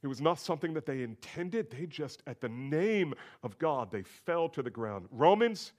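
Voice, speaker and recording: A man preaching an expository sermon as pastor, moving between quiet asides and rising, emphatic declarations. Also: fairly high pitch, animated, moderate pace.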